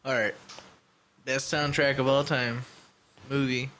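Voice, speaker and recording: A man chatting on a podcast in a loose, profane, rambling way that gets excitable. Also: mid-range voice, slow, slight background noise. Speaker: podcast co-host. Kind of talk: casual chat.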